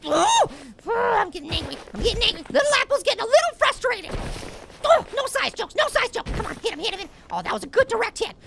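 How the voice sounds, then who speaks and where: A tiny male cartoon apple giving game commentary in a very high, squeaky voice with a gravelly edge. He hops wildly up and down in pitch and flares up at his opponent. The recording carries clear background noise. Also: very animated, brisk, heavily acted. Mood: excited. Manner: squeaky, easily riled, shouting at opponent. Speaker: let's play gamer. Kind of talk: gameplay commentary.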